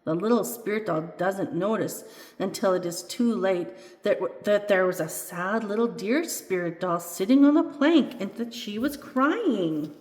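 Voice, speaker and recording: A woman reading her own children's book aloud, expressive and playful. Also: medium pitch, unhurried. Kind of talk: storybook read-aloud. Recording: echoey room with long reverb.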